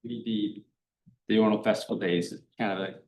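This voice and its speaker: A man's voice: fairly low pitch, steady tone, brisk, a little mellow. Man thinking aloud in a roomy meeting. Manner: thinking aloud, many fillers and restarts. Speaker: committee member. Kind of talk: town committee meeting discussion. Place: town meeting room.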